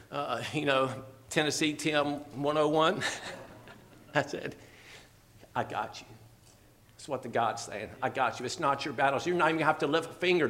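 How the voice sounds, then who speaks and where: A man preaching a fervent, emotional sermon, at times teary and laughing softly. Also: on the high side.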